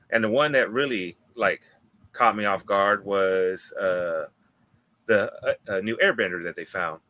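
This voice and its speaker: A man's voice: fairly low pitch, pushed and bright, poor audio. A man co-hosting a podcast, reviewing a movie in enthusiastic, rambling casual chat with plenty of fillers. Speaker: podcast co-host.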